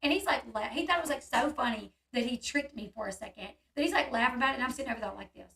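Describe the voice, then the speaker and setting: Telling a story at a very fast clip, this woman, the channel host, has a high and bright voice in a relaxed hangout chat. She performs the quoted voices with lots of animation, and the mic seems a bit distant from her.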